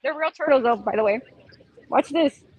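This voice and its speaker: A woman's voice: high-pitched, normal speed, lo-fi sound. A woman chatting casually on a phone live stream while walking outdoors by a pond, exclaiming and laughing often. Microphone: phone held while walking.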